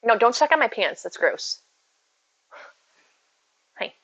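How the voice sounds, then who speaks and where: Woman streamer, bright tone, easy casual chatter aimed at viewers. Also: fairly high pitch, expressive, slow, highs cut off. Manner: chatty, reads out and answers viewer messages. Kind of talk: casual live-stream chat. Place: at home with her cats.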